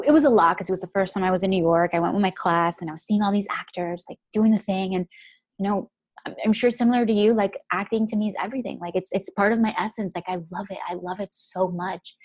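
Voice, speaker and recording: A young woman recounts a personal story in an easy, chatty flow, with "like" in nearly every phrase. Her voice sits at an ordinary middle pitch. The recording is dry and close, with almost no room sound. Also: dry recording. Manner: chatty, fills speech with "like". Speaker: guest.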